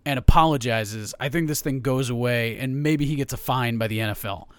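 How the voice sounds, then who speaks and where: A man co-hosting a sports podcast, chatting casually with a joking, profane, animated way of talking. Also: mid-range voice, fairly quick, smooth, no room sound.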